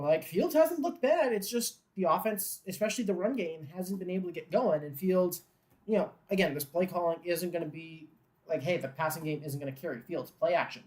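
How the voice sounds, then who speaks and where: A man hosting a live watchalong who mixes glum fan grumbling and swearing with play-by-play calls that build in excitement on big plays. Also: on the high side. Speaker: host of a live game watchalong. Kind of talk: casual live game commentary.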